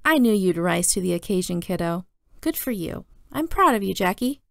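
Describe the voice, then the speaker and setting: A woman's voice: mid-range voice, very animated, moderate pace, vocal fry, no room sound, studio quality. A woman reading as a stern, loving mom. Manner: scolding, earnest. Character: stern but loving mother of two boys.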